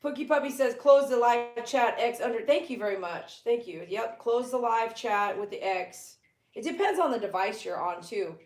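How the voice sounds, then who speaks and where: Woman, casual livestream chat, baby talk to her dogs, a bit high-pitched, roomy echo. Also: lively intonation, normal speed, a little mellow. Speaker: pet groomer hosting a live stream. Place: her living room.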